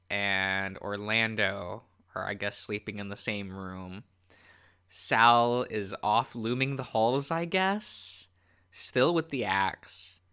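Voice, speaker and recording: A man's voice: lowish voice, bright, forceful tone, clean tone. A man hosting a let's-play, chatting offhand between remarks and reading the game's text aloud. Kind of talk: casual gameplay commentary, reading game text aloud.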